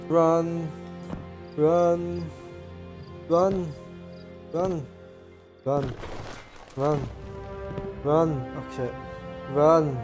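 A man's voice: on the high side, steady tone, very slow, long pauses, over music. A young man casually commenting on his gameplay as a gaming YouTuber, chatty and swearing now and then. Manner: chatty, swears, jokey asides.

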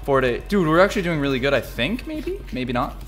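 A man's voice: huge pitch swings, quick pace, faint music behind. Jumpy young man calling a horror game. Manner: jumpy, yelps and shouts at scares, then mutters low. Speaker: gaming video host. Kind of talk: excited gameplay commentary.

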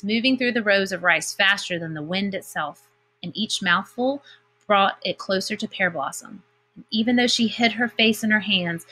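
A woman teacher reading a picture book aloud to her class, with expressive delivery and comments of her own in between. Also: medium pitch, husky. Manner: expressive storybook reading with lively character voices.

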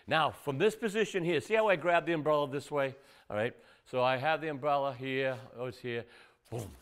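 A man teaching self-defense moves in a casual, rambling way, often checking in with "all right?" as he demonstrates. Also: fairly bright tone. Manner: loose, repetitive, says "all right?" and "boom" often. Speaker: martial arts instructor. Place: indoor studio.

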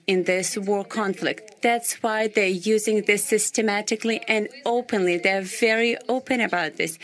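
A woman's voice: mid-range voice, fairly bright tone. A woman gives formal, earnest commentary on a news item. She presses her key points firmly and steadily. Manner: earnest, emphatic. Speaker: team member commenting on news.

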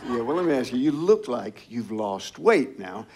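A man's voice: medium pitch, sing-song, normal speed, noisy background. An older man hosting and casually chatting with a guest, easygoing and joking. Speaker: show host. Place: comedy club stage.

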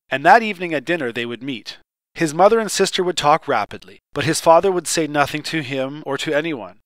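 A man reading a short story aloud as an audiobook narrator, measured and even. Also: a little high, no room sound. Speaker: audiobook reader.

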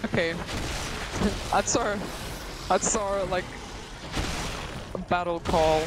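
A nervous man streaming a horror game in a put-on American accent, rambling goofily and breaking into high shrieks. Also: extremely slow, background noise. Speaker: gaming streamer. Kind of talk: casual let's-play commentary.

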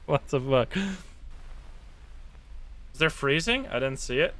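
A man's voice: mid-range voice, takes it slowly. A man streaming a ghost-hunting game live, talking to his chat and swearing often. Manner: excitable, swears, talks to chat. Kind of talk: live gameplay commentary.

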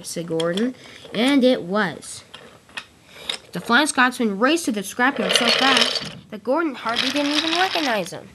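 A woman reading a train story aloud, with lively character lines between plainer narration. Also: a little high, normal speed, heavy background noise. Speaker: storyteller reading all parts. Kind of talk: amateur read-aloud storytelling of a train tale.

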